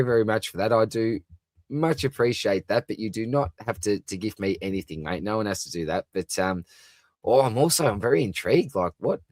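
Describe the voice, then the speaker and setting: A man's voice: on the low side, a little mellow, no room sound. An Australian man hosting a live fantasy football stream, reading chat comments aloud and replying in a chatty, matey way with lots of fillers. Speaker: fantasy football livestream host.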